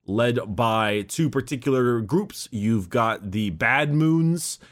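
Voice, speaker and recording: A man's voice: mid-range voice, lively intonation. Guy cohosting a book podcast, stumbly and hesitant, lots of uhs. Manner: halting, many restarts and fillers. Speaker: podcast co-host. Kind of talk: casual book discussion.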